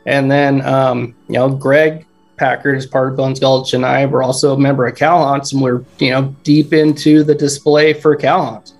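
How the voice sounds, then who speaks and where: A man's voice: mid-range voice, level tone, moderate pace, soft background music. A man as a podcast guest talking about building home haunts in a loose, rambling way, with "you know" in almost every sentence. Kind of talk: casual chat.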